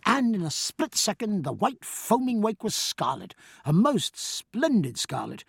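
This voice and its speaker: A male audiobook narrator reads with a lively, rising and falling delivery. His voice is slightly husky, and the close recording is dry with no room sound. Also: high-pitched, dry recording. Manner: measured, expressive storytelling. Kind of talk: scripted narration.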